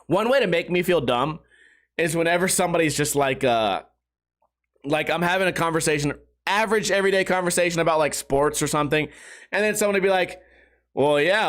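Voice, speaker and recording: A man's voice: fairly high pitch, brisk, a bit bright. A young adult man hosting a casual solo podcast, rambling and swearing with self-mocking humor. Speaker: podcast host.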